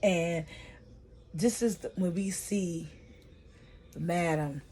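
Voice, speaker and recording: A woman casually recapping TV episodes for her vlog, chatty and slangy with plenty of profanity, her pace and loudness often shifting. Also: lowish voice, very slow, slight background noise. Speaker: vlogger reviewing a TV series.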